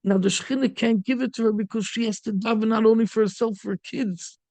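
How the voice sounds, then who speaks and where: A man's voice: sits high, fairly even intonation, fast talker, a little mellow, no room sound. A middle-aged man, a rabbi, giving a storytelling sermon peppered with Yiddish and Hebrew terms.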